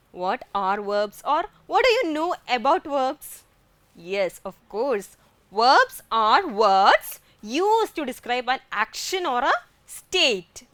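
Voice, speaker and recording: A woman's voice: high voice, fairly bright tone, no room sound. A woman with an Indian English accent teaching a grammar lesson, asking questions and answering them herself.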